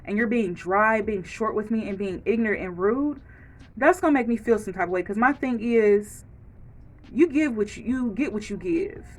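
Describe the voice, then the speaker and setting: Frank, animated woman vlogger ranting. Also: mid-range voice, moderate pace. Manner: frank and animated, acts out quoted lines. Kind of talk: casual rant to camera.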